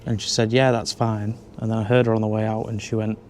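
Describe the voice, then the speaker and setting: A man vlogs casually with a handheld camera, reviewing pubs with dry jokes across pubs and streets, indoors and out. His lowish, slightly mellow voice is completely flat and very fast, over slight background noise.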